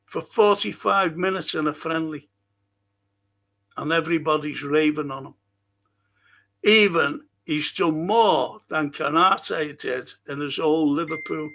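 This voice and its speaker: A man's voice: fairly high pitch, gravelly, a bit bright. A man hosting a football fan stream, ranting angrily and swearing in a rambling monologue. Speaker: football fan show host.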